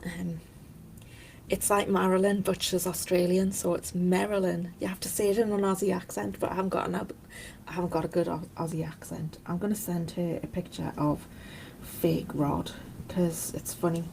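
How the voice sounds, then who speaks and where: A woman tells a story in a loose, digressive way. Her voice is fairly low with a gravelly, crackly edge. She laughs now and then and keeps it casual. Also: level tone, moderate pace, warm tone. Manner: chatty, digressive, laughs often. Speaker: vlogger. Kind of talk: casual rambling monologue.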